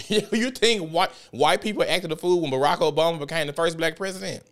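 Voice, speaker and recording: A man's voice: fairly high pitch, a little fast, fairly bright tone. A man hosting a podcast, telling stories and ranting in a heated, profane, emphatic way. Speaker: podcast host. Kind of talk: casual ranting monologue.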